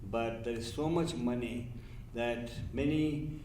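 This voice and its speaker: Male physician panelist, measured and mellow, recorded on a distant mic in a roomy space. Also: medium pitch, steady tone, a little hiss or hum. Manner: measured, corrects himself mid-sentence. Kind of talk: panel discussion remarks. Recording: distant mic in echoey room.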